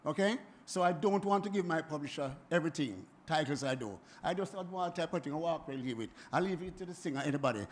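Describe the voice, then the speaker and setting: A Jamaican man in his seventies, speaking at a forum in an animated, emphatic way that keeps circling back and repeating itself. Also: on the high side, fast, hardly any pauses. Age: 70s. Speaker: music producer speaking at a forum. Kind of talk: impassioned spoken address.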